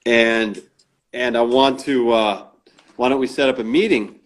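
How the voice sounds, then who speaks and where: Male interview guest, mid pitch, casual storyteller who acts out quotes and uses lots of fillers. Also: fairly even intonation, a little slow. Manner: acts out quoted dialogue in his stories; frequent restarts and fillers.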